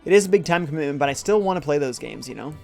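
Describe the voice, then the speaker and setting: Male game streamer, casual and chatty, slightly high voice, gravelly edges, faint music underneath. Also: expressive, rapid-fire, a little mellow. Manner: upbeat, reads chat comments aloud and jokes. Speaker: streamer playing a retro game. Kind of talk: casual live-stream chat.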